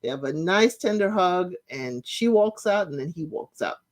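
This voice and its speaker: Female recap host, lower-pitched, casual and opinionated, lots of fillers, animated when quoting. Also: normal speed. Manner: chatty, opinionated, frequent "you know" fillers; acts out quotes with shifting pitch. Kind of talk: casual reality-show recap commentary.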